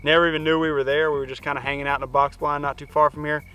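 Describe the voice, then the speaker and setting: A man host presenting outdoors in the field, excited and full of praise. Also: on the high side, very fast, clear, resonant tone. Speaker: hunting show host. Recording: music under field audio.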